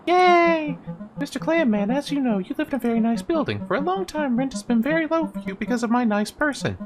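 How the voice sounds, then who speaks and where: A woman voicing an eager, chatty six-year-old girl in a game, speaking in a bubbly, excited way. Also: sits high, a little fast, voice pushed up. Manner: excited, bubbly, broken grammar when reading. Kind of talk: voice-acting a game.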